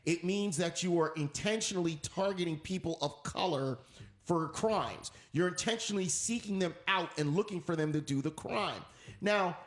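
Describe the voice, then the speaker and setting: A man's voice: on the high side, roomy sound. A man hosting a talk radio show, ranting in an emphatic, preachy way and repeating his points. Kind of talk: opinionated talk radio rant.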